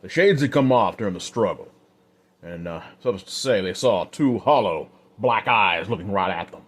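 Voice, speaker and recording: A man narrating an old-west story in a slow, unhurried, casual way. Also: fairly low pitch, lively intonation.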